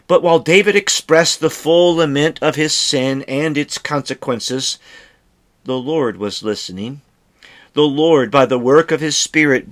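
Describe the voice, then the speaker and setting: A man giving devotional scripture commentary, reading verses aloud and then explaining them in a deliberate way. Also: medium pitch. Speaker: Bible teacher.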